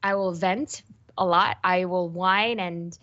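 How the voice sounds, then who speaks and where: A young woman esports host answering interview questions in an animated, self-deprecating way. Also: fairly low pitch, takes it slowly, highs cut off.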